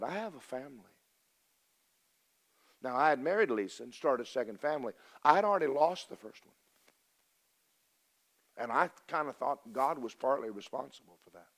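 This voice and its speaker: An older man, preaching a folksy, storytelling sermon that swings from loud declarations to hushed confessions. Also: medium pitch.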